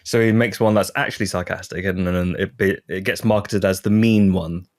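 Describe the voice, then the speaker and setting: A man's voice: low-pitched, steady tone, moderate pace, a little mellow. A man co-hosting a casual podcast chat, laughing often and trailing off mid-sentence. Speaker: podcast co-host.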